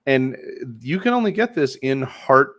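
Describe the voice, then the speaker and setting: A man's voice: mid-range voice, sing-song, normal speed, fairly bright tone, no room sound. A man co-hosting a podcast, chatting casually and playfully about beers, swearing freely. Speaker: podcast co-host. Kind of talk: casual chat, beer review.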